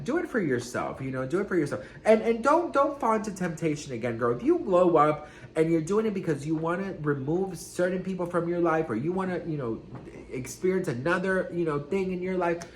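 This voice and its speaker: Sassy gossip-vlog host, male, slightly high voice, in a roomy echoing space. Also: slight background noise. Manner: sassy, dramatic, swears freely. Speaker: gossip vlogger. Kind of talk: casual celebrity gossip vlog. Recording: roomy room echo.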